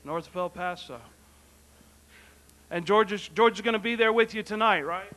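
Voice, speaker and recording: A man announcing for a local wrestling show, with brisk patter and repeated questions. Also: high-pitched, bright, forceful tone.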